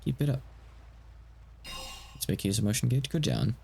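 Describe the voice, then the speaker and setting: A man's voice: medium pitch, lively intonation, normal speed, gravelly, darkish tone, slight background noise. A man streaming a game he translates live, talking to himself in hesitant, stammering asides.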